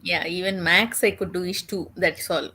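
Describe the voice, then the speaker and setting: A woman chatting on a reading stream, easygoing and teasing, with some hesitant pauses. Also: lowish voice, steady tone, pushed and bright, slight background noise. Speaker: guest reader on the stream. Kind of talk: casual chat.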